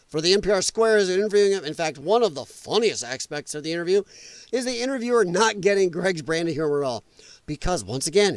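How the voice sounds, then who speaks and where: A high-voiced man hosting a late-night news livestream, talking in a casual, sarcastic, ranting style. The sound is dry and close, with no room echo. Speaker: livestream host.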